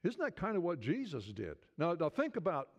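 A man with a slightly high voice and wildly swooping pitch preaches at normal speed, recorded in dull lo-fi sound. He keeps the sermon conversational, stumbling over restarts as he builds to fervent appeals.

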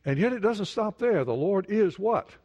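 A man's voice: sits high, expressive, moderate pace, darkish tone, highs cut off. A man preaching a sermon, asking the congregation questions and repeating words for emphasis. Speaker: pastor. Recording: long hall reverb.

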